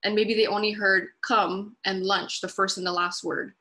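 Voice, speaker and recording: A woman's voice: mid-range voice, flat delivery, normal speed, pushed and bright. A woman presenting a webinar on dementia care, explaining patiently with everyday examples and simple repeated phrases.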